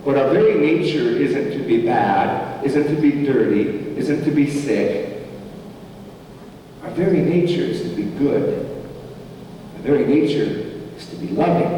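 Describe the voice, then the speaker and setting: A man's voice: mid-range voice, mellow, far from the mic, a little hiss or hum. A man preaching a sermon as pastor, with an emphatic, repeating cadence. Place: church sanctuary. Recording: echoey hall, from afar.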